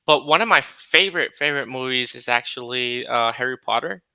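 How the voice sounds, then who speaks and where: Male tutor, casual video-call chat, hesitant, smooth bright tone, dry close sound. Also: mid-range voice, fairly quick, dry recording. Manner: hesitant, with many fillers. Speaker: English conversation tutor.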